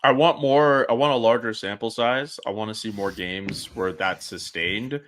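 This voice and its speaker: Chatty, animated man with a bright voice. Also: fairly low pitch, moderate pace, slight background noise. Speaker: podcast guest, sports journalist. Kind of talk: casual sports podcast chat.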